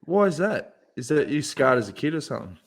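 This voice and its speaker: A man's voice: fairly high pitch, very animated, brisk. A man hosting a podcast, chatting and telling stories with laughter. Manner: laughing, storytelling banter. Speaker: podcast host. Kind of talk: casual chat.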